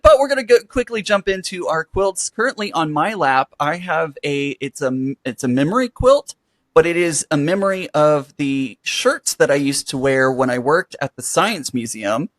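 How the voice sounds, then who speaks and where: This is a man co-hosting a podcast about quilting, talking in an upbeat and animated way. His pitch swings widely as he speaks. The recording is dry, with almost no room sound. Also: moderate pace, dry recording. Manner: upbeat, animated, plugs the show. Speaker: podcast co-host. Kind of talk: casual chat.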